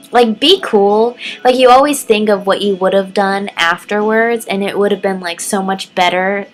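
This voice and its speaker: A young woman chats to her camera at home, telling a story in a loose, giggly way full of "like" and "um". Her pitch sits in the middle, and faint music plays behind her. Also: low-quality recording. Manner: chatty, giggly, lots of "like" and "um", acts out quotes in a high voice. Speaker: vlogger. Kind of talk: casual storytelling vlog.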